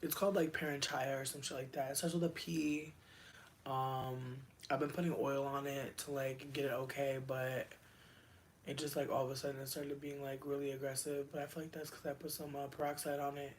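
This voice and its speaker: Over a light hiss or hum, this streamer talks to viewers at a medium pitch, rambling and profane. His chat jumps between quick asides and excited moments, thick with slang.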